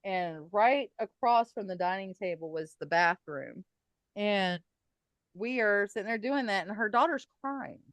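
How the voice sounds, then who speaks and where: A middle-aged woman recounts her eerie experiences with animated, chatty energy. Her voice sits at an ordinary pitch and sounds dry and close. She breaks into laughter often between stories. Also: a little slow, no room sound. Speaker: guest paranormal investigator. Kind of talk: casual podcast storytelling.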